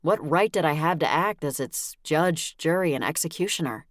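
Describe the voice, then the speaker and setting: A woman narrating a first-person audiobook in a wry, lively storytelling manner, close on a studio mic. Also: low voice, moderate pace, dry recording.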